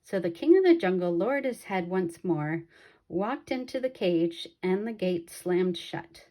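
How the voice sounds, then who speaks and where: A woman reading a children's picture book aloud in a slow, expressive way. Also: fairly low pitch. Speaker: storybook reader.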